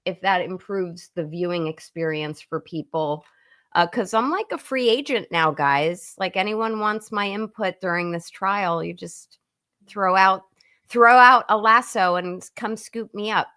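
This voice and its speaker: A woman lawyer talks casually as a guest on a livestream and thinks aloud as she goes. Her sentences stop and restart often, and her voice sits at a middle pitch. The sound comes through a video call. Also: unhurried, sharp tone.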